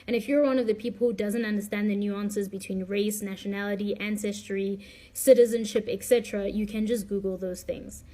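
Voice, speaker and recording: A woman in a commentary video, speaking calmly and a little dismissively. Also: medium pitch, a little fast.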